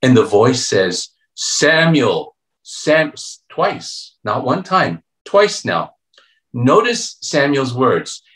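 A pastor preaching a youth revival sermon, telling a story and acting out its voices, playful and joking. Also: male voice, mid-range voice, sing-song, drawn-out words. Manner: storytelling preacher, acts out voices and swings between hushed and loud; playful, calls himself a joker. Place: church sanctuary. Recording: echoey church room.

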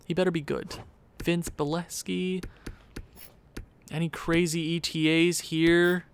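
A man giving casual commentary on a sports video game, animated, talking to himself and often jumping into a high, squeaky voice. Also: slow pace, smooth. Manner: animated, jumps into high squeaky voice when excited or pleading; talks to himself, muttering low. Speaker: gaming YouTuber.

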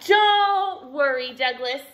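A woman's voice: sits high, lively intonation, slow, a bit bright, voice pushed up, exaggerated voice. A woman reading aloud, voicing a chirpy, dismissive female bird in a picture book. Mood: breezy.

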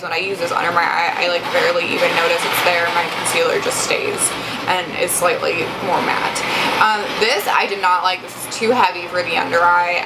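A woman's voice: on the low side, heavy background noise. A young adult woman giving a casual makeup review, chatty and rambling with lots of fillers and restarts. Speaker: beauty vlogger.

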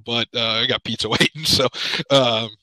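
A man in a podcast video call, talking haltingly with many pauses and fillers, choked up with emotion. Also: medium pitch, steady tone, pushed and bright, no echo, rough recording. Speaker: podcast panelist. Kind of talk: emotional casual chat. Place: home.

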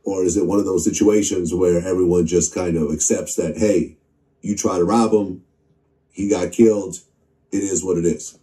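A man interviewing a guest, asking measured questions. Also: sits low, fairly even intonation, dark tone, recorded from a distance.

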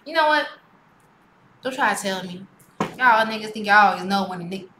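A woman's voice: mid-range voice, expressive, a little fast, bright, forceful tone, slight background noise. A woman hosting a music video reaction, chatting casually and exclaiming back at the screen. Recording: roomy echo with music playing.

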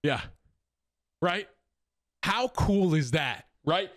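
A young adult man excitedly unboxing a console in a casual streamer chat, tossing in "bro" and "okay?" as he shows off each part. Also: on the high side, a little slow, pauses often. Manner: excitable, says "bro" a lot. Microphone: studio desk microphone.

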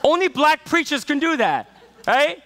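A male pastor preaching a sermon in a relaxed, storytelling way, full of fillers, that builds to enthusiasm. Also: very high voice, measured pace, big-room sound. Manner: conversational storytelling with many fillers and rising enthusiasm. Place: church sanctuary.

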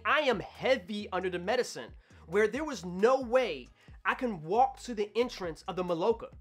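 A man telling a personal story to camera in an animated way, acting out his own past thoughts. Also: high voice. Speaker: vlogger.

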